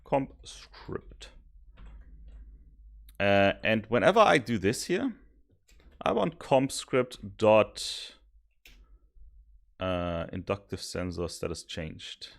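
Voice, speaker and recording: A man streaming while he codes, thinking aloud, mocking his own mistakes and sometimes yelling happily. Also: fairly low pitch, very slow, creaky, long pauses. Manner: thinks aloud, self-mocking, bursts of excited yelling and laughter. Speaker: streamer coding a simulation tool. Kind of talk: casual live coding commentary.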